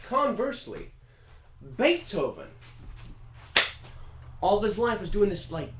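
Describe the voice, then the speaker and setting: A man riffing in a casual comedic monologue, animated and profane, rambling with fillers. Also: high-pitched, takes it slowly, heavy background noise. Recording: roomy echo.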